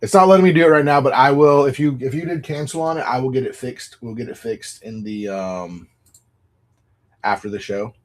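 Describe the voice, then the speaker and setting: A man's voice: medium pitch, fairly quick. Chatty man selling cards on a livestream. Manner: chatty, apologetic, upbeat pack-opening patter. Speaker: livestream card seller. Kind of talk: casual live-selling chat.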